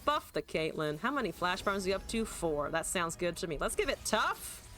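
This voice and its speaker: A woman's voice: on the low side, big pitch swings, normal speed, pushed and bright. A woman streamer chatting casually and joking at her own expense while she plays a card game, swearing now and then. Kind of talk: casual gameplay commentary.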